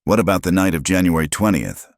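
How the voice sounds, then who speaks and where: A man's voice: low voice, fast, no room sound, studio quality. A man playing an earnest attorney questioning witnesses.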